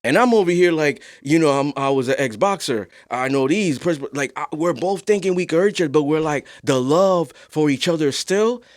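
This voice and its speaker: A young adult man hosting a podcast, talking in a casual discussion, soft-spoken and calm but rising to animated emphasis. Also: on the high side, brisk, hardly any pauses, dry recording, studio quality. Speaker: podcast host.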